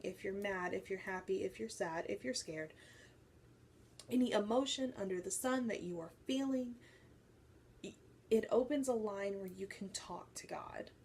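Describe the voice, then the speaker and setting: Gravelly-voiced woman sharing a faith testimony. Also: mid-range voice, moderate pace, slight background noise. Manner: animated storytelling, acts out quoted voices. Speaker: faith vlogger. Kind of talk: personal testimony to camera.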